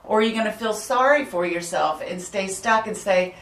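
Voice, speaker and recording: A woman guest speaker in a casual interview, telling stories in an upbeat, animated way. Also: on the high side, brisk, few pauses, distant mic. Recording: echoey room, off-mic.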